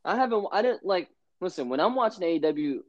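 A man's voice: high voice, big pitch swings, a little fast, no echo, lo-fi sound. A man from New York with a New York accent, co-hosting a podcast in loose, slangy, rambling chat that repeats itself. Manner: rambling, slangy, repeats himself, laughs often. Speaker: podcast co-host. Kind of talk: casual chat.

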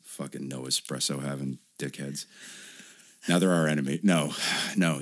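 A man's voice: extremely low pitch, normal speed. A man hosting a podcast, chatting animatedly about a movie and swearing freely. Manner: animated, swearing, jumps into silly voices. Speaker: podcast host. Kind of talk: casual chat reviewing a movie.

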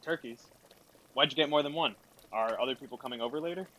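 A man's voice: medium pitch, fast, a bit bright, a little hiss or hum, rough recording. A man acting a sheepish adult son who hesitates and mumbles. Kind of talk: scripted family drama acting.

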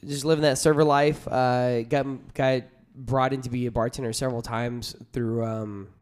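A man's voice: medium pitch, little pitch movement, moderate pace, a little mellow, clean tone. A man chatting as a podcast guest, joking around and telling long rambling stories about his work. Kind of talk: casual podcast chat.

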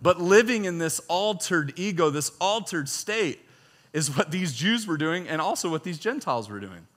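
Male pastor, sermon delivery, animated and bright, reads scripture with force, laughs between points. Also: a little high, moderate pace, big-room sound. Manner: animated preaching, reads scripture loudly, jokes and chuckles.

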